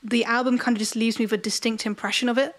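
High-voiced chatty woman. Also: fast talker. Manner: animated, laughs often. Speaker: podcast co-host and music reviewer. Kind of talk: casual chat.

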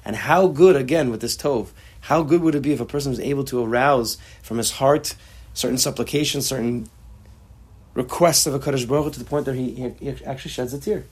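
Expressive husky male Torah teacher. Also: mid-range voice, a little fast. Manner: expressive, acts out quotes, mixes Hebrew terms. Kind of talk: class on a text.

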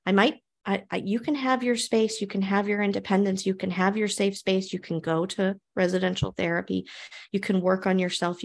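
A woman hosts a conversational podcast in a calm, reflective manner. She speaks at an ordinary mid-range pitch and often repeats key phrases for emphasis. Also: gravelly. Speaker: podcast host.

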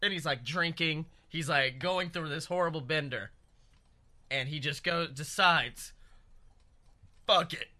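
A man co-hosting a comedy podcast, pitching an absurd story in an excitable, rambling way with heavy swearing. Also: measured pace. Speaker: podcast co-host.

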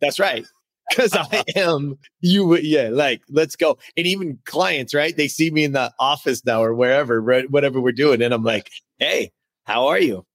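A man hosting a podcast interview in casual chat, talking with energy and emphasis, his voice jumping up when excited. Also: medium pitch, normal speed, dry recording. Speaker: podcast host.

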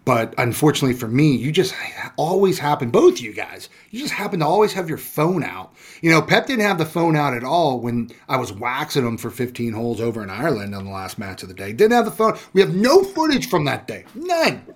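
A man's voice: medium pitch, animated, a little fast, slightly rough. A man who is a guest on a podcast, telling stories about himself in a casual, self-mocking way and swearing now and then. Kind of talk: casual chat, storytelling.

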